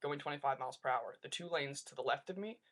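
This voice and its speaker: A young man telling a rambling story to his webcam, animated and full of "like", in a casual vlog. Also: fairly high pitch, quick pace. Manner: rambling, animated rants with lots of "like". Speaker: vlogger.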